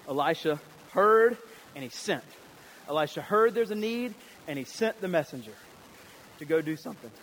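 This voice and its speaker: Animated high-voiced male pastor preaching. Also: slight background noise, low-quality recording. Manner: animated, acts out voices of biblical figures. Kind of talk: sermon.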